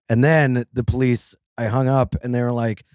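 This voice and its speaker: A male comedian co-hosts a casual podcast and tells stories about his own mishaps with a wry, self-mocking edge. His voice sits at a middle pitch. It is recorded dry and close. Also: fairly even intonation, measured pace, darkish tone, clean tone, dry recording. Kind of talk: casual chat.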